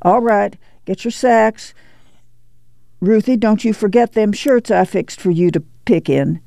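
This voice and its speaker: Male reader playing a steady rural mother ordering her family about, gravelly, dry. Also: medium pitch, dry recording, voice pushed up. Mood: firm. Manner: folksy rural dialect, brisk commands. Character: weary, firm farm mother running family.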